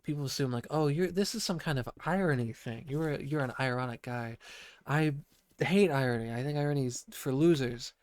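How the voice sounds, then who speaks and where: A man with a croaky voice from being sick, rambling through a profane casual monologue full of restarts, as a podcast host. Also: medium pitch, fairly quick, a little mellow. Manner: rambling, profane, self-interrupting.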